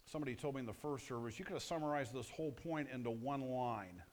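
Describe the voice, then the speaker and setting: A man's voice: mid-range voice, fast talker. Conversational male pastor preaching. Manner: conversational, punchy, asks the audience questions. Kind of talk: sermon.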